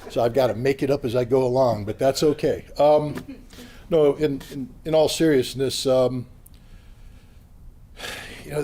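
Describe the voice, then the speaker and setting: Man, high-pitched voice, convention speaker, blunt, combative, impassioned. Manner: blunt, combative, rising to yelling. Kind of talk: impassioned political speech. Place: convention hall.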